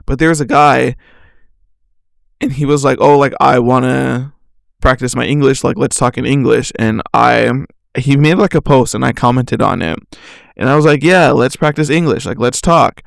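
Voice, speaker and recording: A man's voice: medium pitch, normal speed, vocal fry, no room sound, studio quality. A young man casually telling a rambling story on his podcast, swearing, laughing and saying "like" a lot. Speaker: podcast host.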